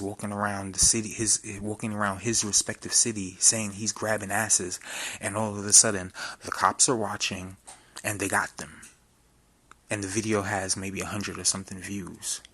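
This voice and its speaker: A man's voice: on the low side, sharp tone, no room sound. A man vlogger delivering a confrontational, profane, preachy rant to his viewers. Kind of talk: ranting monologue.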